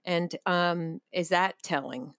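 Woman, podcast co-host, candid, blunt, fairly low voice, dry close mic. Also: takes it slowly, fairly bright tone, no echo. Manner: candid and blunt, with casual swearing. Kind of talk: casual podcast conversation.

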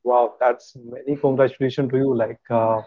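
A man's voice: medium pitch, little pitch movement, normal speed, no echo. Hesitant male interview host, dry lo-fi sound. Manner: hesitant questions full of fillers. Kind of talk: casual interview.

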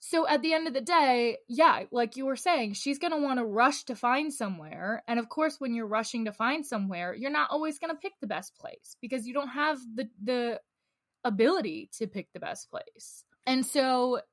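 A woman's voice: high voice, lively intonation, moderate pace, no echo, clean studio sound. A woman co-hosting a podcast in casual chat, ranting with rising anger. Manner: fired-up, rants and acts out angry scenes. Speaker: podcast co-host.

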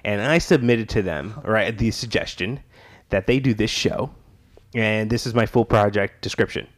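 A man's voice: fairly low pitch, moderate pace. A man hosting a casual podcast at home, rambling with restarts and laughing through his stories. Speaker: podcast host. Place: living room home studio. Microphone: laptop podcast setup.

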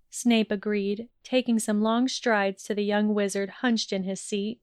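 A woman reading a fan fiction audiobook in a measured storytelling voice. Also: medium pitch, flat delivery, clear, resonant tone, dry recording, clean studio sound. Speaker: audiobook reader.

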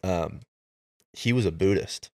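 A man hosting a podcast, telling a candid personal story in relaxed conversation. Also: sits low, unhurried. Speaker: podcast host. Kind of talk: casual conversation.

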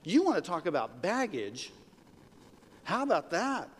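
Brief: middle-aged male pastor, lively and joking, leads call-and-response, slightly high voice, long hall echo. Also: measured pace. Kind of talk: sermon. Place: church hall. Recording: reverberant hall with faint noise.

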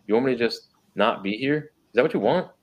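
A man's voice: mid-range voice, a little fast. A man talking earnestly in a casual faith discussion, restarting sentences and firing off rhetorical questions.

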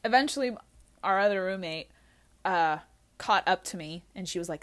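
A young adult woman tells a story casually, candid and animated. She swears freely and laughs at her own expense. She has had a few drinks. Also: on the low side, brisk. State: drinking while talking.

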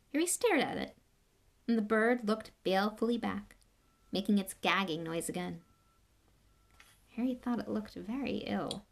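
Woman reading a storybook out loud, mid pitch, measured and expressive. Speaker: reader. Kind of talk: reading a novel aloud.

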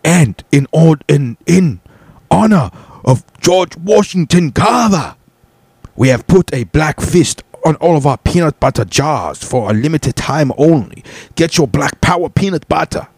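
A man putting on a flamboyant male corporate spokesman, with a high, exaggerated voice and a vague put-on accent. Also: animated, unhurried, a little mellow, husky, no room sound, exaggerated voice. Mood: gushing.

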